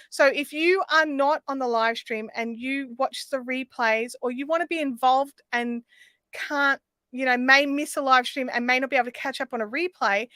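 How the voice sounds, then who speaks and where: A woman's voice: on the high side, sharp tone, dry recording, clean studio sound. A woman hosting a casual live stream, rambling with lots of ums while answering chat comments. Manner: rambling with frequent ums and restarts. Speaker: livestream host.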